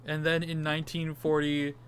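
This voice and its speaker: A man's voice: on the high side, monotone, normal speed, fairly bright tone, a little hiss or hum. A man co-hosting a casual movie discussion podcast, rambling and swearing freely. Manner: rambling, swears casually, does silly beep noises. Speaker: podcast co-host.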